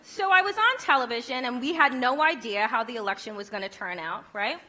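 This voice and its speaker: A woman's voice: fairly high pitch, animated, fairly quick, pushed and bright, slight background noise. A woman giving a conference keynote speech, emphatic and rhetorical, with wry humor. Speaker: keynote speaker.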